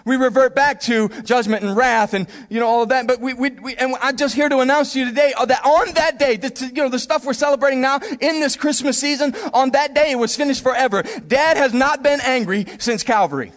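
A man preaching from the pulpit. His voice sits high and light, and he is animated, slipping into playful voices to act out little scenes and laughing along the way. A long reverb trails off the church hall around him. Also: a little fast, hardly any pauses. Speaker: pastor. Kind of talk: sermon.

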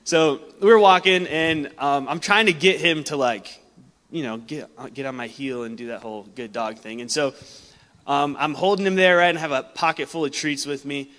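A young man preaching a sermon, telling a personal story in a casual, animated way and laughing often. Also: a little high, normal speed. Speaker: pastor. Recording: long hall reverb.

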